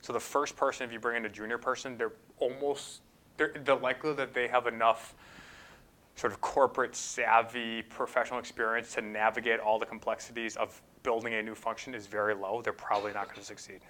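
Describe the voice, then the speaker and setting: A man's voice: mid-range voice, flat delivery, a little fast, sharp tone. A man speaking as a guest at a talk, answering audience questions in a thoughtful way with frequent fillers and restarts. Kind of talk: conference Q&A answers.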